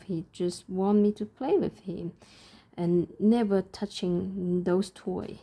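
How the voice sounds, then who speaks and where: Slow, very mellow-voiced woman. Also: medium pitch. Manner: soft, thoughtful, hesitant with many pauses. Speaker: parent and crafter. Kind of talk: reflective chat while stitching.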